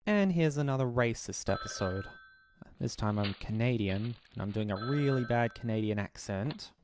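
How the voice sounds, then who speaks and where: A man's voice: mid-range voice, animated, normal speed, noisy background. A man giving a director's commentary on his old videos, self-mocking and laughing often. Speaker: YouTuber.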